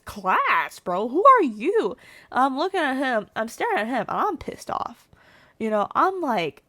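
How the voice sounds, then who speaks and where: Young woman vlogger, lively storytelling, close dry sound. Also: sits high, a little slow, no echo. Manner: animated, swears freely, acts out quotes. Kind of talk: casual storytelling.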